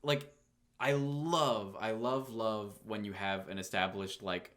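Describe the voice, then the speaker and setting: Taking it slowly, a man co-hosting a podcast rambles through an enthusiastic, casual conversation. His voice is lowish and fairly bright, with fairly even intonation.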